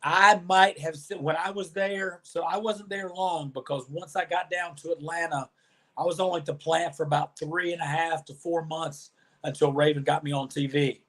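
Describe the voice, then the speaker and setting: A man's voice: on the high side, normal speed. A middle-aged man, an interview guest and former wrestler, telling long stories and acting out what others said. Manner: animated storyteller, acts out quoted dialogue. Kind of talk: storytelling interview.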